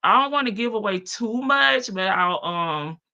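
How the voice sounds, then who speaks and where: A Southern woman hosts a live stream in a relaxed, talkative way, drawling out her phrases as she answers viewers. Her voice is bright and clear, with a medium pitch for a woman. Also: dull audio. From American South. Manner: chatty, animated, drawn-out Southern phrasing. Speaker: livestream host. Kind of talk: casual live-stream chat reading comments.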